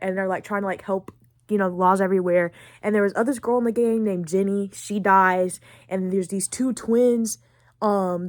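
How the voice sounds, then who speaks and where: A teenage girl hosting her own podcast, chatting in a loose, rambling way and packing her talk with fillers. Her voice sits at an ordinary middle pitch. The sound is close and dry, with no room echo. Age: late teens. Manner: rambling and excitable, many fillers. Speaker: podcast host. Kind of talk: casual chat recapping a video game.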